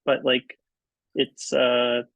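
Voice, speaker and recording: Male guest with a gravelly voice, talks in stops and restarts, heard on dull lo-fi audio. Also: medium pitch, flat delivery, a bit bright, dry recording. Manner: halting, many ums and restarts. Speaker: podcast guest, writer and editor. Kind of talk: casual interview chat. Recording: dull, muffled, dry audio.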